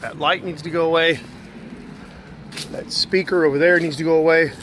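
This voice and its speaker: Walking the yard and then the interior of a house, this man rattles off outstanding repairs plainly, like a property manager taking casual spoken notes. He speaks at a normal speed in a slightly high, fairly bright voice with fairly even intonation. Faint background noise sits under the recording.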